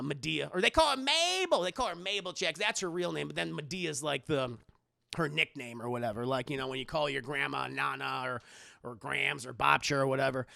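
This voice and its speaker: A man's voice: fairly high pitch, gravelly, no room sound, clean studio sound. A man streaming a casual, profane film recap, talking to his chat with lots of energy. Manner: animated, profane, talks to chat.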